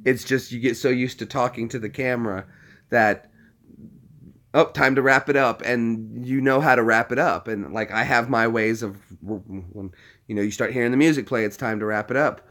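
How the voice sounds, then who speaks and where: A man in a casual vlog chats to his camera at an ordinary, middling pitch. He rambles, restarts and chuckles as he thinks aloud while browsing. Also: fairly even intonation, moderate pace, a bit bright. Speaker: vlogger.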